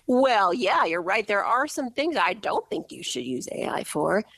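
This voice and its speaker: A woman's voice: medium pitch, big pitch swings, measured pace, vocal fry, a bit bright, breathy edge. A woman author being interviewed, explaining her views with enthusiasm. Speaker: guest author. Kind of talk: interview conversation.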